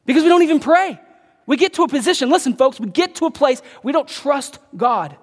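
A man preaching a sermon as pastor, emphatic and repetitive, swinging from loud, drawn-out lines to hushed, close asides. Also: very high voice, lively intonation. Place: church. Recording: church hall with long reverb.

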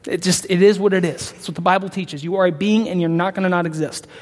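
A man preaching a sermon in a conversational way, breaking into sudden emphatic high-pitched bursts and often calling out to the congregation. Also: steady tone, fast. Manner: frequent call-outs to the congregation. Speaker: pastor. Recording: long hall reverb.

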